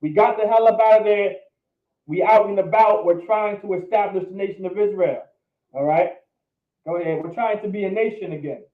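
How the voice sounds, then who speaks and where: A man's voice: sits high, a little fast. A man teaching a Hebrew grammar class, patiently checking that everyone follows. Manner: patient, checks understanding with repeated questions. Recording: roomy, distant, phone-like lo-fi.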